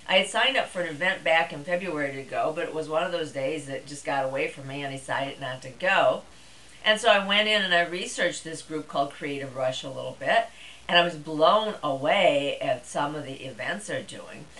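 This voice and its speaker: A woman's voice: low voice, a bit bright, poor audio. A middle-aged woman vlogger talking to camera in a chatty, rambling way, with plenty of fillers. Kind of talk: casual monologue to camera.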